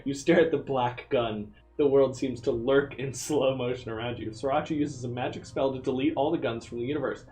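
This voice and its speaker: A man's voice: mid-range voice, fairly even intonation, brisk, few pauses, a little mellow. A man reads a text adventure game aloud on a live stream, casual and amused, dropping in offhand remarks as he goes. His voice sits in the middle range, and faint music plays in the background. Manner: casual, amused, with frequent laughs.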